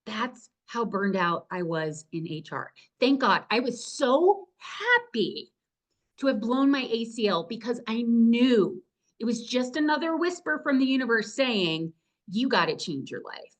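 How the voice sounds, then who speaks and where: A woman's voice: fairly high pitch, expressive, a little slow. A woman presenting a video-call workshop, talking to her audience with enthusiasm and urging them to join in. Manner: enthusiastic, upbeat, direct to audience. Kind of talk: energetic webinar teaching.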